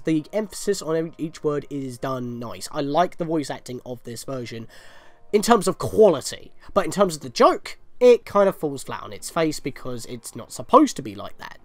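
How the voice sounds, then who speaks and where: A man with a high voice, recorded dry, gives casual walkthrough commentary on a video game. This gaming commentator rambles, laughs, and gets exasperated easily.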